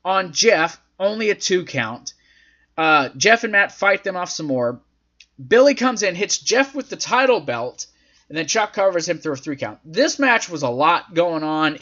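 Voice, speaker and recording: A man's voice: on the high side, fairly bright tone. A man hosting a casual recap, rambling along with lots of fillers as he retells events. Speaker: host. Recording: dull lo-fi audio.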